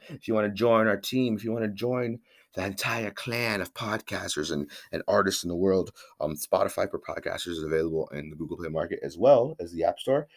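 Deep-voiced, profane podcast host. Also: male voice, gravelly. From Northern California. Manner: profane, rambling, hype-man delivery. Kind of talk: casual solo podcast monologue.

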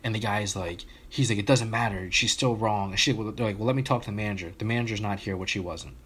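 Lowish guy rambling thru a story on a podcast, lots of ums and restarts, slight hiss behind. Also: quick pace, fairly bright tone. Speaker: podcast co-host telling a story. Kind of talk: casual chat.

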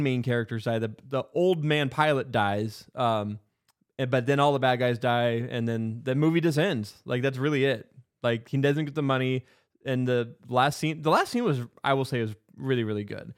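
A man's voice: medium pitch, moderate pace, clean tone. A man casually retelling a movie's plot, rambling with lots of fillers and restarts. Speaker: podcast co-host.

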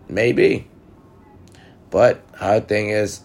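A man's voice: medium pitch, unhurried, creaky, a little mellow, slightly rough. A man talking to viewers in a blunt, profane, casual monologue, giving relationship advice. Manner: blunt, profane and talkative, addressing viewers directly.

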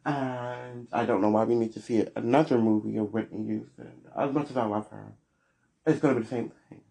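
Sassy gravelly-voiced male podcast host. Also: steady tone, a little fast, warm tone. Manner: sassy, blunt critique with dramatic pitch swings. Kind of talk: solo opinion podcast.

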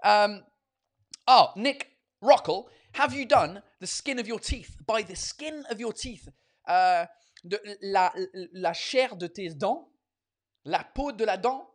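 Swearing, animated bilingual male host. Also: sits high, slow. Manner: bilingual, switching between English and French, swearing casually; animated, full of fillers and restarts. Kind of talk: casual chat with viewers.

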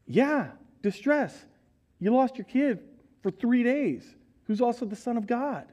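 Middle-aged pastor guy preaching in church, high voice that swings all over, acts out the story. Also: moderate pace. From United States. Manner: animated storytelling, acting out voices and questions. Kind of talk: sermon. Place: church sanctuary.

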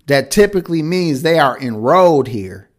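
A man's voice: on the high side, animated, normal speed. A man co-hosting a podcast in casual chat, blunt and crude, often laughing as he riffs. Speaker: podcast co-host.

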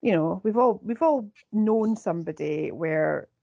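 A woman co-hosting a casual film chat podcast, musing in a chatty, drawn-out way. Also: mid-range voice, lively intonation, creaky, warm tone, dry recording, highs cut off. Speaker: podcast co-host.

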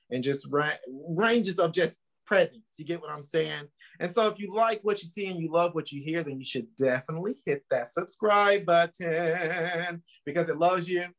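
An emphatic male podcast co-host who talks in a motivational, upbeat way and laughs easily. His voice sits a little higher than most men's. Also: fairly bright tone. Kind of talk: casual podcast chat.

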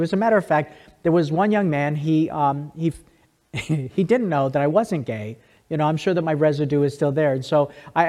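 A man's voice: fairly high pitch, a little mellow. A man speaking to an audience, telling a personal story conversationally, with frequent restarts and asides. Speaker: speaker giving a testimony. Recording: long hall reverb.

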